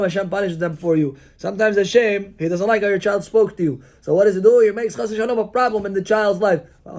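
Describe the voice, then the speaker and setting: A male rabbi giving a Torah class, asking rhetorical questions, acting out little dialogues and mixing Hebrew terms into his English. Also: high voice. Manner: mixes Hebrew and Yiddish-style terms into English.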